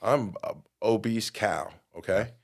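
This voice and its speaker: A middle-aged man with a somewhat low voice tells a personal story on a podcast. He acts out other people's lines and swings from quiet asides to loud outbursts. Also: slow, vocal fry. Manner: animated storyteller, acts out quotes with big jumps in loudness. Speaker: guest.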